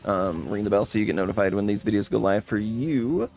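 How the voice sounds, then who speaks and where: A man's voice: on the low side, a little fast, darkish tone. A man hosting a let's play, chatting casually with lots of uh and um over faint game music. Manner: chatty, fills with uh and um.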